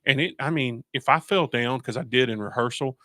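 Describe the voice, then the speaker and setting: A man's voice: mid-range voice, a little fast, sharp tone, dry recording, studio quality. A man hosting a radio show in casual chat, rambling through stories with restarts and laughs. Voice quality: gravelly. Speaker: radio host.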